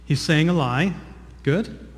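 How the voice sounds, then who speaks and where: A man's voice: on the high side, slow pace. A man preaching a sermon, earnest and teaching, often repeating words and putting questions to his listeners. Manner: earnest teaching, frequent word repeats, asks the congregation questions. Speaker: pastor. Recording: long reverb of a large hall.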